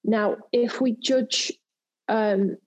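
A woman's voice: fairly high pitch, steady tone, drawn-out words, a little mellow, low-quality recording. A woman from England, a former pro golfer and TV presenter, chatting in an interview and telling stories with lots of fillers and restarts. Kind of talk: casual interview chat.

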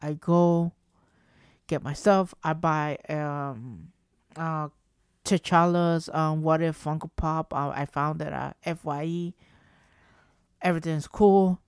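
A man telling a casual story to his audience, rambling and animated, often repeating and restarting himself. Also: fairly high pitch, takes it slowly, pauses often, clear, resonant tone, dry recording, studio quality. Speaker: vlogger.

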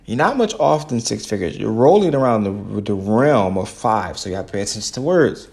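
Gravelly, earnest man, podcast monologue. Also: lowish voice, expressive, a little fast, a little mellow. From United States. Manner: earnest, preachy, repeats phrases for emphasis. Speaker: podcast host. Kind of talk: casual solo podcast monologue.

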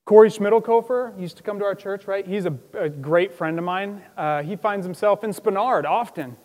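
A male pastor delivering a lively, conversational sermon in church, acting out the people he quotes with sudden loud outbursts. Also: sits high, moderate pace, big-room sound.

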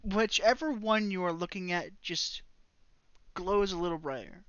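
A game master narrating a tabletop role-playing session in a hesitant way, full of ums and restarted phrases. The voice is smooth and resonant, but the recording is dull and lo-fi with a dry, close sound. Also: mid-range voice, a bit bright, dry recording. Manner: halting, many fillers and restarts.

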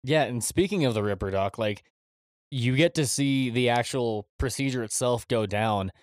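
A man co-hosts a casual podcast chat in an easygoing, loose way, his voice at an ordinary pitch. He swears freely as he talks. The recording is dry and close. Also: normal speed, no room sound. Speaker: podcast co-host.

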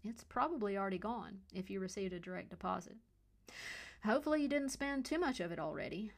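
A man's voice: sits high, lively intonation, a little fast, creaky, full character voice. A woman doing a smug, glib male cop. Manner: glib, bureaucratic, mockingly polite. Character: smug chuckling male police officer.

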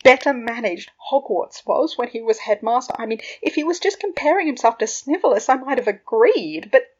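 A woman's voice: fairly high pitch, normal speed, husky, voice pushed up. A woman reading a fan fiction audiobook, voicing a mischievous young prankster wizard who rants in exasperation. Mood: exasperated. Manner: animated, exasperated ranting. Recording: dull lo-fi recording.

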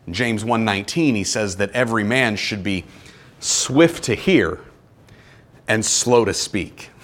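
A man preaching a sermon as pastor, animated, with acted-out quotes and sudden drops to a quiet tone. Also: on the low side, a little slow.

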